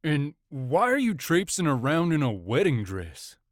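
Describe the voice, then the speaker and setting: A man's voice: fairly high pitch, huge pitch swings, unhurried, no room sound, studio quality, pitched above the performer's own voice. A man voicing a blunt, hot-tempered young male rancher in his late twenties who talks in a brash, accusing way. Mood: sheepish.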